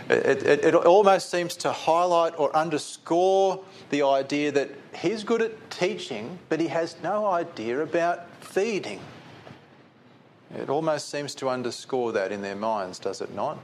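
A man's voice: a little high, expressive, a little slow, a little hiss or hum. A man preaching a conversational sermon that keeps putting questions to his listeners.

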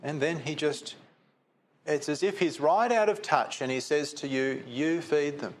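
A man's voice: fairly high pitch, animated, normal speed, slight background noise. A man preaching a conversational sermon that keeps putting questions to his listeners.

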